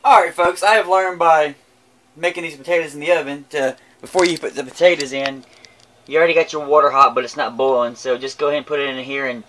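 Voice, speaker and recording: A man's voice: on the high side, fairly even intonation, quick pace, a bit bright, slight background noise. A man chatting casually while cooking outdoors at a grill, crude and joking, stumbling over his words. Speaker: cooking vlogger. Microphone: camera mic.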